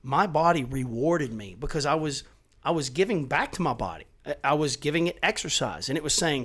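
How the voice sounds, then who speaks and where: A middle-aged man in casual podcast chat, talking emphatically with lots of swearing and animated storytelling. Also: on the high side, brisk.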